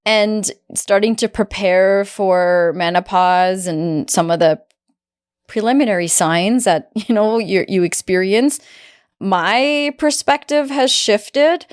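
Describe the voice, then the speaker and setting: A woman in her forties hosting a podcast conversation, her voice sitting at an ordinary middle pitch. She speaks in a reflective, heartfelt way, with halting starts and restarts as she searches for her words. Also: smooth. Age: 40s. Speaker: podcast host. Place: podcast studio, seated across from guest.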